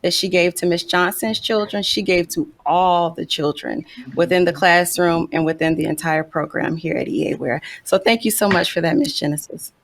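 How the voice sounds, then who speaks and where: A woman's voice: on the low side, moderate pace. A woman hosting a podcast interview, affirming her guests and addressing them formally.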